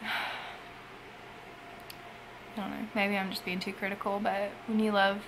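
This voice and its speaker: A young woman, a foster mother, talking in an emotional personal vlog, halting and tearful with sighs and trailing phrases. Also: medium pitch, level tone, background noise. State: emotional after crying. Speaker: foster parent vlogger.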